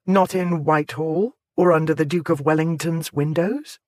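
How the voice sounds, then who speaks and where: A man's voice: fairly high pitch, fairly even intonation, moderate pace, darkish tone, no echo, clean studio sound, close to an everyday voice. A man doing a headstrong young lady. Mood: eager. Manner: eager and determined.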